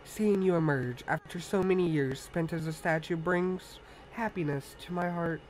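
A man voicing a gentle, reverent female tree spirit, reading game dialogue aloud in a slow, solemn manner. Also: on the high side, slight background noise, lightly acted, rough recording.

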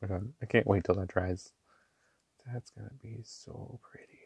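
A man chatting casually while swatching inks, gushing and excitable, with slangy talk and lots of fillers. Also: fairly low pitch, normal speed, vocal fry, a little hiss or hum. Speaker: ink swatching vlogger.

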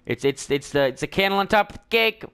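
A young man giving excitable let's play commentary, often yelling and laughing at the game. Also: high-pitched, fast talker, smooth. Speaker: gameplay commentator.

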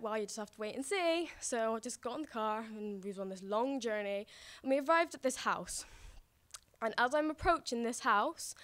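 Young woman, slightly high voice, giggly storyteller, live stage telling. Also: fairly bright tone. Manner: giggly, laughs often between phrases. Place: stage before a live audience.

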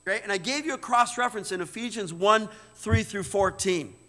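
Guy preaching in a church, high voice, really emphatic, echoey hall. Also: a little fast, sharp tone. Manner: emphatic, repeats words, asks "right?". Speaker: pastor. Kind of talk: sermon. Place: church sanctuary.

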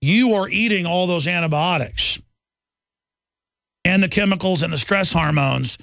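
A middle-aged man hosts a talk radio show in an indignant, rambling monologue, stumbling over repeated words as he pushes on. His voice sits a little high with a gravelly edge. The studio microphone sounds close and dry. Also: measured pace, fairly bright tone, dry recording.

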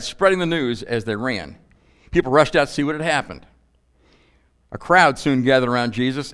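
Male pastor, mid-pitched, animated delivery with rhetorical questions. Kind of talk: sermon. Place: church.

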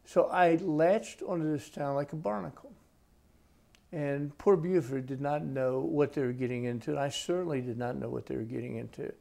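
Gravelly-voiced man telling stories. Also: a little high, mellow. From United States. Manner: folksy, unhurried storyteller. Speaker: author being interviewed. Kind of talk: relaxed storytelling interview. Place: his home.

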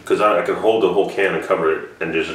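This reaction video host's voice sits low and a bit bright, with fairly even intonation, and he races along. He tells a rambling story to camera full of swearing, captured from far away in an echoey room.

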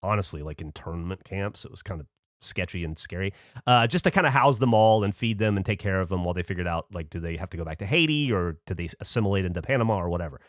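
A man's voice: deep voice, animated, quick pace, no room sound, studio quality. Laid-back profane man telling a story. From Alabama. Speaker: podcast co-host. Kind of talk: casual storytelling chat.

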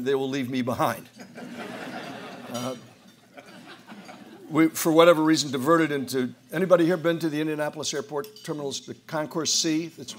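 A man in his sixties or older from the United States, telling humorous stories to an audience in a wry, self-deprecating way, often restarting his sentences. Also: on the high side. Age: 60s or older. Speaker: speaker at a roundtable. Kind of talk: humorous storytelling speech. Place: event hall before an audience.

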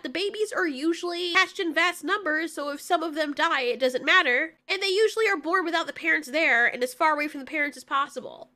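A woman talks through a cartoon film recap in a sarcastic, joking way. Her voice is very high and bright. She keeps it casual, like chatting to viewers. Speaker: video reviewer.

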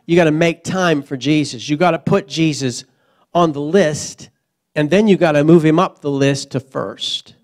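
A man preaching a sermon as pastor, animated, acting out quoted voices, swinging from loud emphasis to soft asides. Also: on the high side, moderate pace. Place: church.

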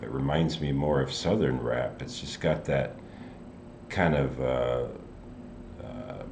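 An older man hosting a music reaction video, talking casually and musing, often pausing to search for his words. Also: rumbling low, darkish tone, a little hiss or hum. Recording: roomy room with faint music.

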